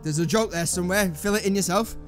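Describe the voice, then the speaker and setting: A man's voice: high-pitched, fast talker, faint music behind. A man, hosting a let's play with rambling, jokey, casual commentary. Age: 20s. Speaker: gaming channel host.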